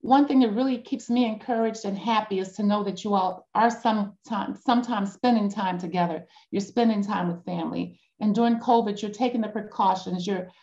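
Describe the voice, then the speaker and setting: A woman leads a support group over a video call. Her tone is encouraging, and she pauses often with ums. Her voice has a middle pitch, and the audio sounds a little dull. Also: warm tone. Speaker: grief support group facilitator. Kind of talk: group discussion.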